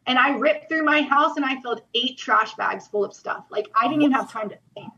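A woman's voice: high-pitched, fairly quick, creaky, sharp tone, muffled recording. A young woman telling her personal testimony as a podcast guest, earnest and emotional, with many "like" fillers.

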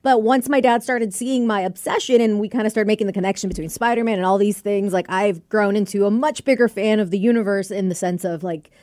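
A woman's voice: mid-range voice, fairly even intonation, brisk, hardly any pauses, a little mellow, dry recording. A woman co-hosting a podcast, chatting casually with lots of "like". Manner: chatty, lots of "like", laughs easily. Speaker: podcast co-host. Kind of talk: casual chat.

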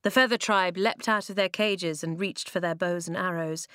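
A woman's voice: fairly low pitch, fairly even intonation, moderate pace, hardly any pauses, a bit bright, clear, resonant tone, no echo, studio quality. Woman reading a children's story. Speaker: narrator. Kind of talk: audiobook reading of a children's novel.

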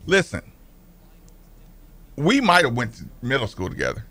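A man's voice: medium pitch, wildly swooping pitch, normal speed, pushed and bright. A man from North Carolina co-hosting a casual sports talk show, rambling with frequent restarts. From Asheville, North Carolina. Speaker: podcast co-host.

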